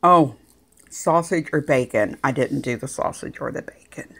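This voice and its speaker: A woman chatting casually in her home kitchen, talking homey and cooing at her dog in a high sing-song voice. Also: normal speed, gravelly, a bit bright, slightly rough. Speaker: vlogger. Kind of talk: casual kitchen vlog chat.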